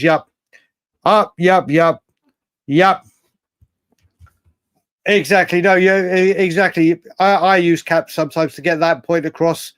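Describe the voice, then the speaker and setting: There's no room sound around this slightly high male voice. He hosts a live fan show, animatedly going over viewer comments, often repeating himself and swearing once in a while.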